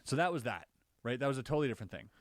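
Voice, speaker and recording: A man on a podcast, casually recounting his own experiences as an animated storyteller whose voice jumps higher when he relives the scary parts. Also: rapid-fire, dry recording, clean studio sound. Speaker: podcast co-host.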